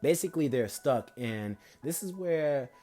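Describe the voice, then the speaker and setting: A man's voice: a little high, lively intonation, unhurried, warm tone, faint music behind. A young man improvising a fan-fiction story in a rambling, casual way, full of fillers and self-corrections.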